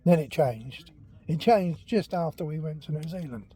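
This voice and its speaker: An older Englishman hosts a walking vlog, telling childhood stories in a rambling, chatty manner and sometimes dropping almost to a whisper. His voice is on the high side and animated, warm and slightly rough, at a normal speed.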